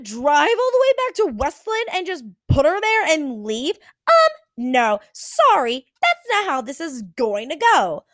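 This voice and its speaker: A woman in her twenties telling a story in an animated, exasperated way. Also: high-pitched, unhurried, hardly any pauses, no room sound. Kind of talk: storytime vlog.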